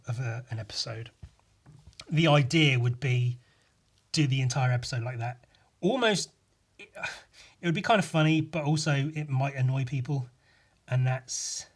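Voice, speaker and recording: A man's voice: mid-range voice, a bit bright. A man hosting a casual solo podcast, rambling and self-amused, with plenty of swearing. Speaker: podcast host.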